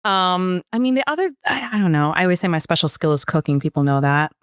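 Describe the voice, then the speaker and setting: A woman with a somewhat low voice talks as a guest in a relaxed interview, rambling a little and poking fun at herself. The recording is close and dry, with no room sound. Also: fast talker, no room sound. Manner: chatty, self-deprecating. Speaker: interview guest, Broadway performer. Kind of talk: casual interview chat.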